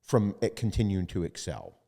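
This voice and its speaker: A man hosting a podcast in casual chat, animated and profane, acting out what other people say. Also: deep voice, moderate pace, creaky, in a large hall. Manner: animated, profane, acts out quoted voices. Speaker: podcast host.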